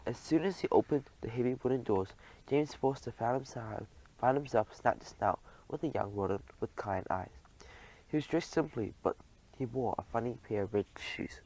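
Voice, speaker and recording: Guy reading a kids audiobook, gentle and even, mid-pitched voice. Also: normal speed, poor audio. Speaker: audiobook narrator. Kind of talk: scripted storybook narration.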